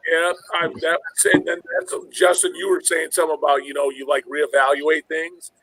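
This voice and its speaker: A man's voice: on the high side, flat delivery, moderate pace, noisy background. Rambling, profane man telling a story. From Illinois, USA. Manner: rambling, profane, acts out the other voices in his stories. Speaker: podcast host. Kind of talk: casual storytelling chat.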